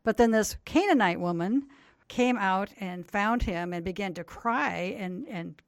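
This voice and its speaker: A woman's voice: mid-range voice, a little slow, dry recording. Older woman retelling a Bible story. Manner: earnest, explanatory retelling. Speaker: Bible teacher, guest. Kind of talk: radio interview, storytelling.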